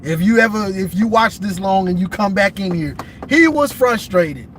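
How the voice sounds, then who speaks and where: A man's voice: high-pitched, lively intonation, normal speed, fairly bright tone, a little hiss or hum. A man ranting casually about football on a livestream from inside his car, emphatic and repeating himself. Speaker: sports commentator vlogger.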